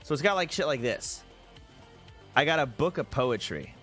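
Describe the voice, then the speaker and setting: A young man talks loosely and profanely into a desk mic at home, with an ordinary mid-range pitch. Faint music plays quietly behind him. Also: lively intonation, moderate pace. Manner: loose, profane, laughs at himself. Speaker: livestreamer. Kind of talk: casual stream chat. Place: home streaming room, indoors.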